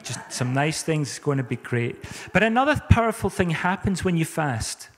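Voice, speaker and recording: Male pastor, relaxed chatty sermon, slightly high voice, echoing church hall. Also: moderate pace. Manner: conversational, chatty preaching with rhetorical questions.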